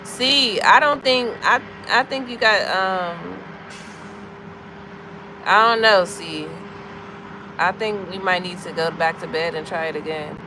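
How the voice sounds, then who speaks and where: A woman in her thirties with an American accent hosts a livestream, casually chatting with viewers and greeting each by name as she works through the comments. Her voice is fairly low, and she speaks slowly with frequent pauses. The background is noisy.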